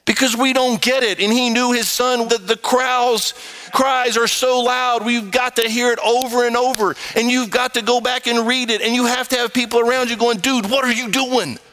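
A man delivers a lively sermon in a bright, ringing voice that sits high for a man. He reads scripture aloud and breaks into acted-out voices and sound effects. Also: moderate pace. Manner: dynamic, swings pitch widely, acts out voices and sounds. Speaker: preacher.

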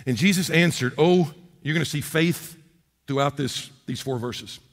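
A man's voice: on the high side, moderate pace. A man preaching a sermon with passion, repeating key lines for emphasis. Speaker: pastor. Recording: long hall reverb.

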